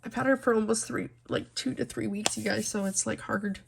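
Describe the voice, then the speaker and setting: A young woman with a somewhat high, gravelly voice chats casually to her viewers while she colors. She rambles in an open, heartfelt way, addressing them directly. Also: steady tone, normal speed, noisy background. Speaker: coloring channel host.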